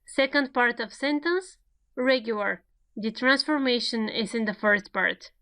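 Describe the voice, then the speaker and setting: A woman giving a recorded grammar lecture, speaking slowly and deliberately as she works through each example. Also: fairly high pitch, sharp tone. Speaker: grammar teacher.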